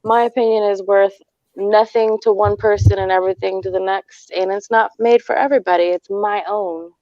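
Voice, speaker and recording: Woman from down south, gravelly voice, laid back, dull call audio. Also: mid-range voice, steady tone, moderate pace, dark tone, no room sound. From Deep South US. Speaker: guest on a live stream. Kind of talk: casual live-stream chat.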